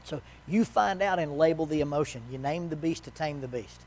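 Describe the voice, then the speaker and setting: A man's voice: on the high side, darkish tone, slight background noise. Folksy man teaching a marriage workshop. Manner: folksy, joking asides, quick acted quotes. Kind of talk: conversational church workshop teaching. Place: church.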